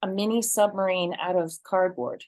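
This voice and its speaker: A woman's voice: on the low side, steady tone, moderate pace, a little mellow, no room sound. A woman from Northern California, a guest in a casual conversation, telling earnest, rambling personal stories.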